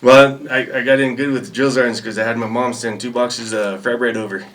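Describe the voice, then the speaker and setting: A man's voice: mid-range voice, fairly even intonation, a little fast, fairly bright tone, recorded from a distance. A man guest telling casual stories, rambling and laid-back. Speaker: podcast guest. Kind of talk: casual storytelling. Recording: voice a bit off-mic.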